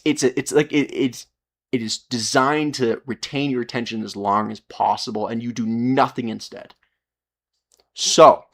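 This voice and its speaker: A man streaming live, talking casually in a rambling, profane rant full of restarts. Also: mid-range voice.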